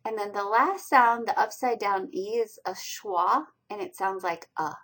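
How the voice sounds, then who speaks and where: Teaching college reading skills through a recorded slide lecture, a woman walks through pronunciation, enunciating each syllable slowly and with care. Her voice is medium in pitch and a bit bright, though the audio quality is poor.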